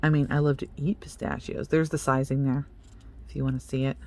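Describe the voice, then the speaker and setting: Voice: mid-range voice, level tone, fairly quick, a little mellow, a little hiss or hum. A young adult beauty vlogger in casual unboxing chat, chatty and playful, joking about themself and talking straight to the products. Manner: self-mocking.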